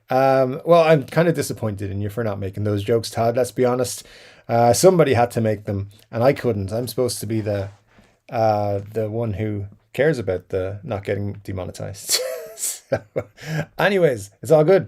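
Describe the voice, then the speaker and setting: A man's voice: on the low side, normal speed, creaky, long pauses, a little mellow. A man hosting a casual livestream, reading viewer comments aloud and rambling between them with lots of fillers and chuckles. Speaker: livestream host reading chat. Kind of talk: casual live-stream chat.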